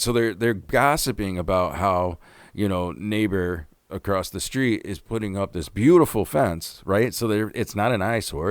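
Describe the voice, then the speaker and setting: A man's voice: lowish voice, a little slow, no echo. A man in his forties hosting a podcast, telling a rambling story with plenty of swearing. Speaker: podcast host. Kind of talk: casual monologue.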